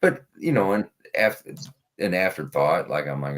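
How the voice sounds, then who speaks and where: A man's voice: sits low, sing-song, moderate pace. A man on a casual streamed talk show, telling a rambling story about his tow truck job, swearing and packing his talk with fillers. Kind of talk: casual podcast chat.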